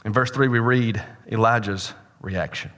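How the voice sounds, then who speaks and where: A male pastor delivers a sermon in a church sanctuary, telling stories with a joking touch. His voice swings from loud, lifted stretches to hushed, quiet lines. The long reverb of the hall trails after his words. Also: fairly low pitch, normal speed. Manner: storytelling with humor, swings between loud and hushed.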